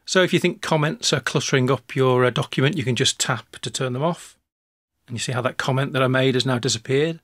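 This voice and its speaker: A man narrating a screencast software tutorial, talking through each step in a relaxed way with small restarts. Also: medium pitch, a little fast, no echo, studio quality.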